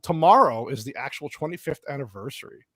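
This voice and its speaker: A man's voice: medium pitch, expressive, fairly quick, fairly bright tone, dry recording. Man, podcast host, casual movie chat, swears freely, laughs a lot, dry close sound.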